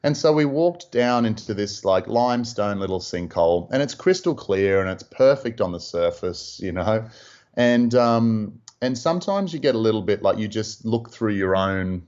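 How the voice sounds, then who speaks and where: An Australian man, a freediving instructor, telling stories in a relaxed, rambling interview style with plenty of fillers. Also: fairly low pitch, moderate pace. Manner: relaxed, rambling, lots of "you know". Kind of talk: casual interview storytelling. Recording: dull lo-fi audio.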